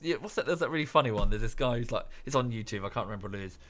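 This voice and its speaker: A man's voice: mid-range voice, animated, racing, hardly any pauses, a bit bright. A young British man talking casually on a live game stream, ranting in a rambling, self-correcting way. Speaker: streamer and YouTuber. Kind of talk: casual live-stream chat while gaming.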